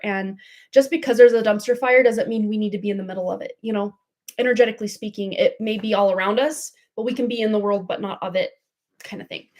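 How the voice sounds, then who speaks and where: A woman's voice: medium pitch, a little mellow. A woman giving live tarot readings on a livestream, chatty and gushing, full of fillers and little laughs. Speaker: tarot reader. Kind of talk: casual livestream chat.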